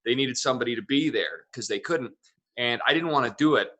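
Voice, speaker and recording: Guy in his 30s, comedian guest, bright voice, chatty wordy storyteller. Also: mid-range voice, fairly quick. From Wyoming. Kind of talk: casual interview chat.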